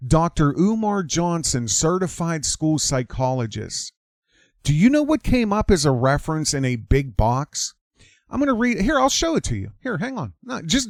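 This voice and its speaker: Emphatic man with a lively voice. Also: high voice, gravelly, dry recording, clean studio sound. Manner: emphatic, repeats lines for effect. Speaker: commentary channel host. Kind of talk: opinionated commentary monologue.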